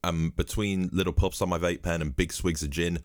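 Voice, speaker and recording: A man's voice: sits low, steady tone, normal speed, dry recording, clean studio sound. A man hosting his own podcast, telling rambling, cheeky, profane stories while he drinks at his home microphone. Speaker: podcast host. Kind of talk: comedic podcast monologue.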